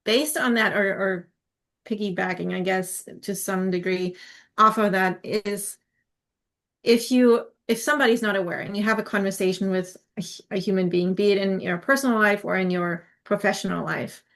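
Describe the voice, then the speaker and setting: A woman's voice: medium pitch, steady tone, normal speed. A woman co-hosting a casual podcast conversation, thinking aloud and feeling her way into questions with fillers.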